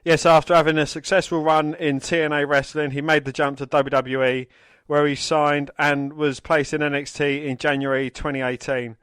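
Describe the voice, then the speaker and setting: A man's voice: on the high side, flat delivery, normal speed, fairly bright tone, clean tone, no room sound. A man co-hosting a podcast, reading out news items plainly and swearing freely when he chats. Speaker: podcast co-host.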